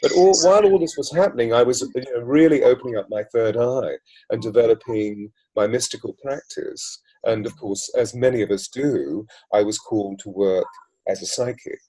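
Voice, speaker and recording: Low, husky man speaking in measured flowing lists. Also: steady tone, dark tone, poor audio. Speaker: voice coach and mystic guest. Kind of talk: reflective interview talk.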